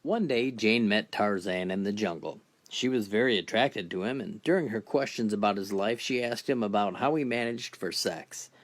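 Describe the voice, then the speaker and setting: A man narrating a string of dirty jokes in a deadpan storytelling manner, briefly lifting his voice for the characters. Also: on the low side, moderate pace, hardly any pauses. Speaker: joke teller.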